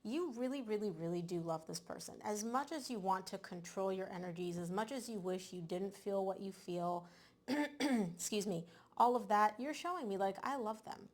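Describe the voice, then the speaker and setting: A woman giving a casual tarot reading to camera, animated and emphatic, often repeating words for stress. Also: mid-range voice, normal speed. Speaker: tarot reader.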